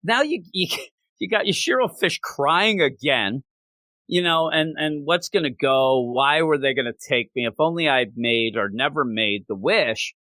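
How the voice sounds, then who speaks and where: A man with a fairly high voice hosts a casual manga podcast. His pitch swings widely as he talks, and he keeps breaking into quotes from the characters. The sound is dry and close, with almost no room echo. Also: unhurried. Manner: animated, slips into quoting characters. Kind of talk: casual podcast review chat.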